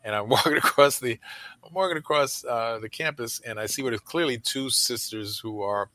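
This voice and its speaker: An older man tells casual stories in an interview, his medium-pitched voice moving at a moderate pace and sounding pushed and bright on a dry recording. He rambles through anecdotes packed with fillers, asides and laughter while speaking over a call.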